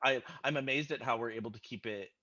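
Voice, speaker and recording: A man's voice: medium pitch, fast talker, sharp tone, highs cut off. A man in casual podcast chat who laughs often and tells stories with animation. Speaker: podcast host.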